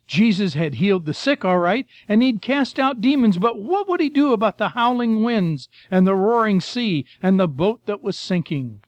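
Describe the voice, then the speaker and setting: With a high-sitting, animated voice, an older man preaches at a moderate pace with few pauses, reading Scripture and spinning missionary stories. His folksy delivery addresses listeners as "folks" and "friend," captured in a dry recording.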